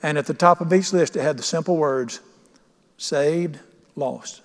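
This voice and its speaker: A man's voice: on the high side, unhurried. A pastor preaching a sermon, emphatic and questioning his congregation. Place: church sanctuary. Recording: long church reverb.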